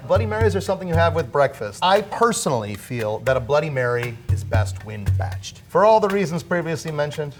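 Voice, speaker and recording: Deadpan male head bartender. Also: medium pitch. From Wisconsin. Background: guitar music.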